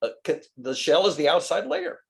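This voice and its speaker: A man's voice: fairly high pitch, huge pitch swings, normal speed, vocal fry. A man in a casual online group discussion, explaining his ideas step by step over a video call. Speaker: study group participant.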